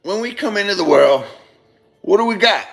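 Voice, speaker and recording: A man's voice: high-pitched, expressive, moderate pace, creaky, a bit bright, soft background music. A man giving a casual motivational talk, rambling and repeating himself, swearing now and then and calling listeners brother. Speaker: speaker giving a monologue on love.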